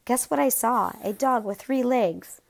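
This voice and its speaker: A woman's voice: a little high, unhurried, creaky, pitched above the performer's own voice. A woman voicing a small boy who whines and begs, reading from a storybook. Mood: excited. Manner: eager, begging. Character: little boy, whiny and pleading.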